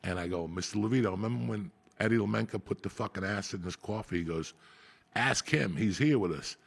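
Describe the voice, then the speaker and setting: A raspy, gravelly man tells school stories full of swearing. His voice is husky and he often cracks up mid-story in a loose podcast chat. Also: fairly low pitch, a little fast. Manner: raspy, profane, animated, breaks into laughter. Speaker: podcast host. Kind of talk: profane casual storytelling.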